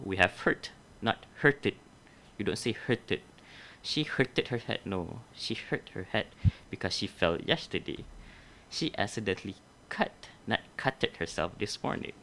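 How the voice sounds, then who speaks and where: A man's voice: lowish voice, fairly bright tone. A young adult man teaching a grammar lesson, explaining methodically step by step and correcting himself along the way.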